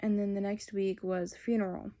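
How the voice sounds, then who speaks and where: Young woman, vlogger, candid and rambling, level delivery, soft warm tone. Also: mid-range voice, flat delivery, moderate pace. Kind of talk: personal storytelling.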